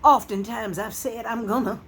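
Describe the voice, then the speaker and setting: A woman, talking to her channel's viewers to camera in a heartfelt, halting, emotional way. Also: fairly high pitch, steady tone, fairly bright tone, slight background noise. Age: 60s. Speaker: channel host. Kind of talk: casual talk to camera.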